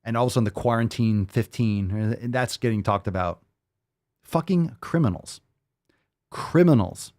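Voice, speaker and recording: A man's voice: lowish voice, a little mellow. A man hosting a fitness show, ranting in a heated, profane way. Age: adult, 30s or older. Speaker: host. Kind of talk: fitness podcast rant.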